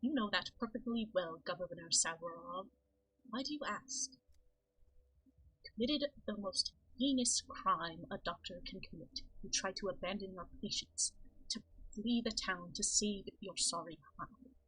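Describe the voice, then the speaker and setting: A tired, sarcastic male doctor in a video game, read by a woman in her own bright voice. The tone is dry, with a slightly husky edge. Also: mid-range voice, expressive, unhurried, exaggerated voice, rough recording. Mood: sardonic. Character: weary sardonic male doctor, the Bachelor.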